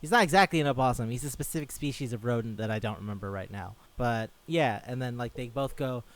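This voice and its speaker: A man's voice: medium pitch, fast talker. A man casually chatting as a podcast co-host, rambling and swearing, often slipping into silly voices for the characters he retells. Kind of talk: casual chat.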